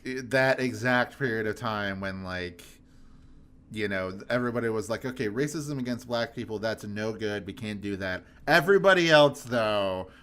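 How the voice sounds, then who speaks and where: A man with a low voice, co-hosting a podcast. He talks casually and rambles a bit as he works through his thoughts. He laughs often. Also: animated, moderate pace, fairly bright tone, smooth. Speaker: podcast co-host. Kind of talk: casual chat.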